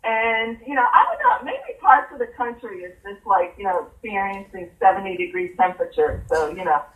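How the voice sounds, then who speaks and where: A woman's voice: medium pitch, big pitch swings, fairly quick, reverberant, recorded from a distance, phone-quality sound. A woman from the US East Coast, a sports reporter guesting on a talk show, chatty and full of fillers. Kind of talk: casual interview chat.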